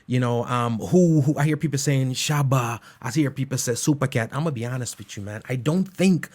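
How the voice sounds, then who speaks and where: A man's voice: medium pitch, fast talker, hardly any pauses. A man hosting an online music show, chatting casually and keeps asking "you know what I mean". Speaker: online radio show host. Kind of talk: casual chat.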